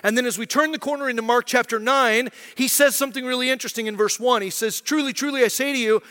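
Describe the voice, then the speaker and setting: A man's voice: very high-pitched, quick pace, pushed and bright. A man in his thirties preaching a sermon as pastor, conversational and often asking "right?". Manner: acts out quoted voices. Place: church hall. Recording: long hall reverb.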